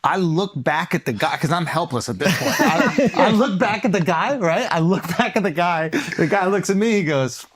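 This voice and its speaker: New guy, slightly high voice, cracking up telling a funny story. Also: moderate pace, hardly any pauses, crowd noise. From New York. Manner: animated, laughing mid-story. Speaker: podcast co-host. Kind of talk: comedic storytelling.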